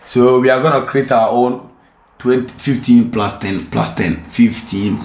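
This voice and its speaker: A man's voice: mid-range voice, unhurried, darkish tone, slight background noise. Playful man in an echoey room. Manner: playful, teasing, joking. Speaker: vlogger. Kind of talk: casual home DIY vlog. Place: home room.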